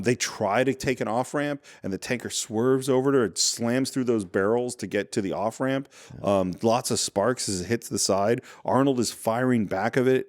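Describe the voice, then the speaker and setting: Male film podcast co-host, average pitch, detailed scene-recapper, chatty. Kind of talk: casual film discussion. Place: living room.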